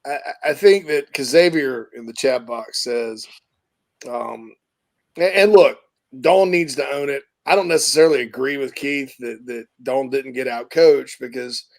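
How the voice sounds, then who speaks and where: A man's voice: medium pitch, a little slow, creaky. A man hosting a casual sports talk show, rambling and thoughtful, correcting himself as he goes.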